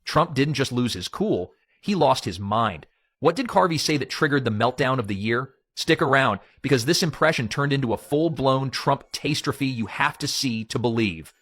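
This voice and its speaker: A man's voice: mid-range voice, lively intonation, moderate pace, fairly bright tone, no room sound, clean studio sound. A man narrating in a dramatic, hyped teaser style. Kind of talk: scripted narration.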